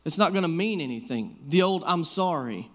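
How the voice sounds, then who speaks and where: A man's voice: on the high side, expressive, normal speed. A man in his thirties preaching a casual sermon, telling personal stories in a loose, conversational way full of fillers. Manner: conversational, storytelling, many fillers like "like".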